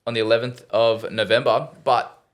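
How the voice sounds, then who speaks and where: A man's voice: medium pitch, level tone. A man guesting on a podcast, chatting casually and playfully about his debut cookbook. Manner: playful, joking, quick restarts. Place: podcast studio.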